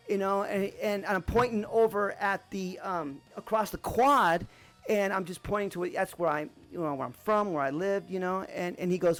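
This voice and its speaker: A man from Arizona hosting a podcast, telling a personal story in a relaxed, rambling way with lots of fillers. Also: high-pitched, moderate pace, faint music behind. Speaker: podcast host.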